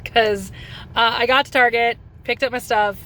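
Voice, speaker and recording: A woman's voice: a little high, steady tone, normal speed, pushed and bright, a little hiss or hum. A young adult woman vlogging casually, talking to herself about her errands in a frazzled way. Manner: frazzled, talks to herself, vents. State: frustrated. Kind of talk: casual vlog chat.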